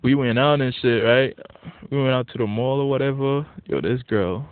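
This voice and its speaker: Medium-pitched and speaking at normal speed, the man's voice is clear and resonant with no echo. As a vlogger on a casual rant, he's blunt and profane and animated when worked up; the dry recording has a tinny, lo-fi phone sound.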